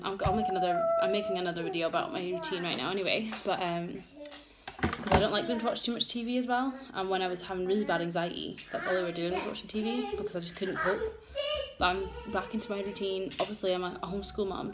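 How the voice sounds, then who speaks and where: A woman's voice: medium pitch, steady tone, fast. A young woman vlogging a candid get-ready-with-me chat, open and emotional, rambling with many fillers. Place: home room with children around. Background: noisy household.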